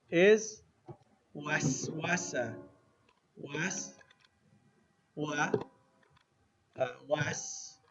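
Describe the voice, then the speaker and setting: A man teaching an Arabic lesson to a class, slowly spelling words out letter by letter and repeating them. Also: high voice, dull audio, background noise.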